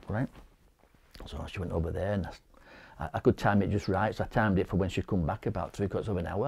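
A middle-aged man with a Yorkshire accent giving a halting personal testimony, often repeating words and acting out what people said. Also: low voice, creaky, a little mellow, husky. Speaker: interviewee, bereaved husband.

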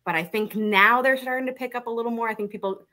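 A woman's voice: on the high side, fast. A woman guest in a casual podcast chat, telling stories and laughing often. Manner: chatty, laughs often, lively storytelling. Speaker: guest, social media creator.

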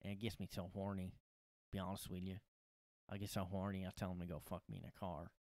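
A crude young woman with a Philadelphia accent, drawling and halting as she brags about her boyfriend, played by a man. The voice is low and dry. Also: level tone, a little mellow, no echo. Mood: mocking.

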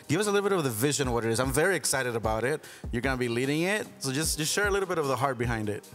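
A man's voice: medium pitch, animated, very fast, fairly bright tone, faint music behind. A man hosting a church discussion show, upbeat and enthusiastic, welcoming his guests. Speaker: host.

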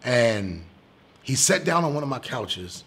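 A male comedian telling a personal story in an interview, animated and casual, swearing now and then and getting loud when excited. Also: mid-range voice, measured pace, vocal fry, slightly rough.

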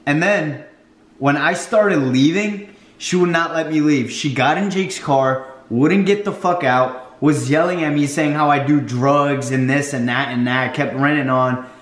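A man's voice: on the high side, a little slow, fairly bright tone. A young man, friend of the host, talking bluntly and with frustration in a casual vlog, swearing a lot. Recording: echoey room.

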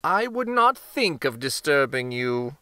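Sly fox from a man, soft, coaxing, slow, dry sound, storybook. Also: mid-range voice, sing-song, no echo. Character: sly smooth-talking adult male fox.

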